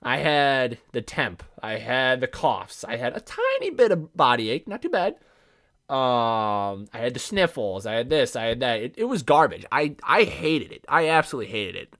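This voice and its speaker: A man's voice: mid-range voice, huge pitch swings, moderate pace, fairly bright tone. A man hosting his own podcast alone, talking casually in a brash, profane, rambling way full of asides. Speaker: podcast host. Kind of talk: casual solo podcast monologue.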